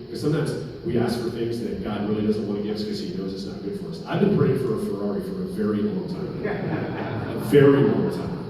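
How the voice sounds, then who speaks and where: A man's voice: medium pitch, warm tone, slight background noise. A male pastor preaching a sermon, emphatic and dropping joking asides. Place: hall at a men's breakfast. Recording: echoey hall, from far off.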